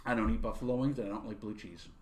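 A man's voice: on the low side, racing. A man from upstate New York co-hosting a podcast, swearing freely and ranting in casual banter. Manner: profane, ranting, animated. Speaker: podcast co-host.

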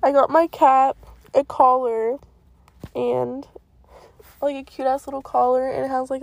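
A woman in her twenties talking through her week in a casual vlog, full of slang, fillers and cursing. Her voice sits a little high for a woman. The sound is close and dry, with no room in it. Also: gravelly, darkish tone, dry recording. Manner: slangy, swears freely, lots of "like". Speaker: vlogger. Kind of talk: casual confessional storytime.

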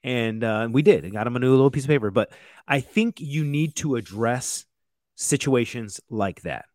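A man's voice: mid-range voice, normal speed, a little mellow, dry recording, clean studio sound. A man in his thirties, a chef, telling stories in a loose, casual way with lots of "like" and "you know" and some swearing. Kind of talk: casual storytelling chat.

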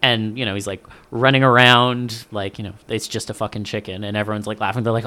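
Brief: male podcast co-host, bright forward tone, lively and profane, acts out quotes. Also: medium pitch, fairly quick, hardly any pauses. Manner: animated, swears often, acts out quoted lines. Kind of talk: casual podcast chat.

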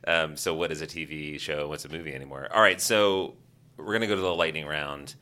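A man with a low voice and a bright, forceful edge hosts a casual panel discussion. He moderates loosely, tosses out questions to the group and laughs easily between them. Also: fairly even intonation, brisk. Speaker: podcast host.

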